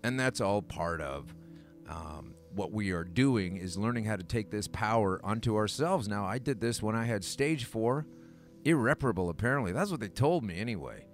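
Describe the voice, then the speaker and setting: A man's voice: on the low side, moderate pace, faint music behind. A Canadian man hosting a podcast in casual chat, rambling with lots of fillers and restarts. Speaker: podcast host.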